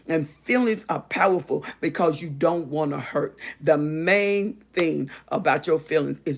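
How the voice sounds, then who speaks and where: A woman's voice: sits low, a little slow, gravelly, hardly any pauses. A woman hosting an advice talk, speaking in an emphatic, repetitive, sermon-like cadence and reading out viewer comments. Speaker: relationship advice host.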